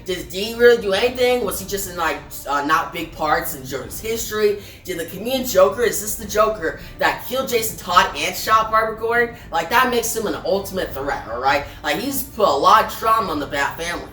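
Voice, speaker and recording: A woman's voice: mid-range voice, animated, brisk, hardly any pauses, pushed and bright. A woman casually reviewing a comic book, chatting to viewers as "guys" and retelling the story. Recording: roomy echo, distant mic, faint music.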